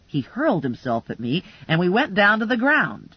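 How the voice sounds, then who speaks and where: Lively wry female audiobook narrator. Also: fairly low pitch, brisk, slightly rough, dry recording, highs cut off. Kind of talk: first-person audiobook narration.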